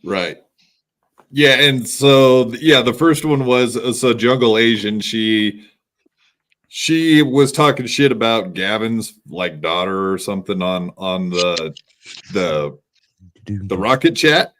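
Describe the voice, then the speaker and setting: A man's voice: on the low side, animated, slow pace, fairly bright tone. A man co-hosting a podcast, casually and agreeably recounting what happened, with loose fillers.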